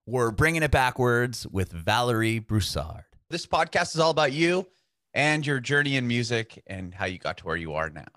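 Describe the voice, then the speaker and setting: A man's voice: mid-range voice, sing-song, moderate pace, a bit bright, no echo, studio quality. A man hosting a podcast over a video call, upbeat and laid-back, calling things awesome and rad. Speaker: podcast host.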